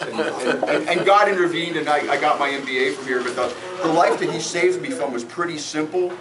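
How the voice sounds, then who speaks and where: A middle-aged man from New Jersey tells joking, self-mocking roast stories in a slightly high voice. He is picked up from a distance in a reverberant room. Room noise hums clearly behind him. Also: normal speed. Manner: joking, self-deprecating storytelling. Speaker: roast speaker. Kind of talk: live roast speech. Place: event room with guests. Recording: echoey room from far off, noisy.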